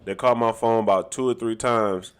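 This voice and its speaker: A man who talks loudly and laughs often, chatting casually to his live-stream audience as a dancer. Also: on the low side, fairly quick, clear, resonant tone. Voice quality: talks loud. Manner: animated and laughing, slangy.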